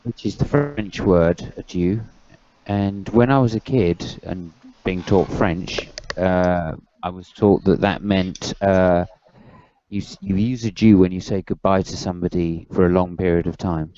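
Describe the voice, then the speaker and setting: A man in a casual group call, explaining slowly and musing aloud. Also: deep voice, mellow. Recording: dull lo-fi call audio.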